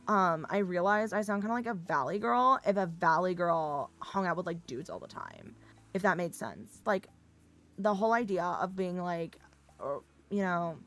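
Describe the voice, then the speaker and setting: A woman streamer from the American Midwest chatting casually, rambling and swearing, laughing often, with an expressive, slightly Valley Girl tinge. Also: fairly low pitch, moderate pace, faint music behind. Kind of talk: casual livestream chat.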